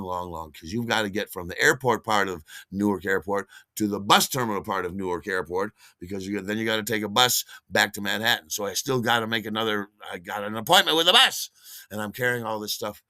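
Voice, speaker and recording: A man's voice: lowish voice, a little fast, sharp tone, no room sound. A man hosting his own podcast, telling a long personal story in a casual way and acting out the voices of the people in it. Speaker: podcast host.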